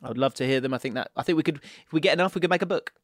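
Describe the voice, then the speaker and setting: A man's voice: a little high, rapid-fire, dry recording, clean studio sound. A man hosting a casual podcast, chatty and laughing as he reads listener messages aloud. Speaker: podcast host.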